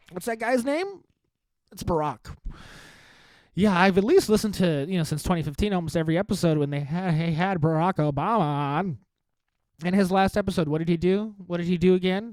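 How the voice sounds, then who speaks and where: A man's voice: fairly high pitch, a little mellow, dry recording. A man in his thirties hosting his own podcast, a stand-up comic talking in a rambling, self-mocking, profane way. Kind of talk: casual solo podcast monologue.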